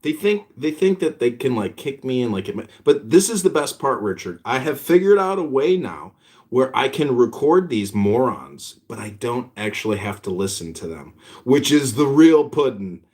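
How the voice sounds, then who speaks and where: A man chatting in an online audio room, rambling in a relaxed, self-mocking way. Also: mid-range voice, moderate pace. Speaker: room host.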